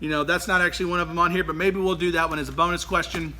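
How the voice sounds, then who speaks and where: A man leading an online children's worship lesson in an animated, playful way that keeps breaking into laughter. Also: on the high side, racing.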